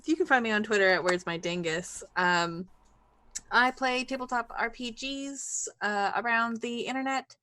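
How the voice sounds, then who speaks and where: A woman's voice: a little high, normal speed, pushed and bright, no room sound. Hesitant woman with many ums. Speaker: tabletop game player. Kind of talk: casual chat.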